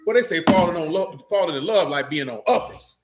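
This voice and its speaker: High-pitched, animated preacher man. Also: brisk, background noise. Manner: animated, joking, mocking, loud bursts. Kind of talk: loose preaching talk. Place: church meeting room.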